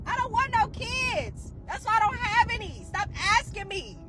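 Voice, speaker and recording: Loud sassy woman in her twenties. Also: very high-pitched, wildly swooping pitch, takes it slowly, long pauses, heavy background noise. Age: 20s. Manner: loud, sassy, laughing, emphatic. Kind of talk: casual rant to camera.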